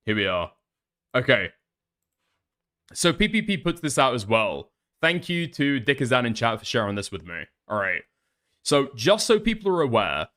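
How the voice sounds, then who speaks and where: A man's voice: mid-range voice, a bit bright. A man streaming casual commentary on online drama, sarcastic and profane, reading messages aloud.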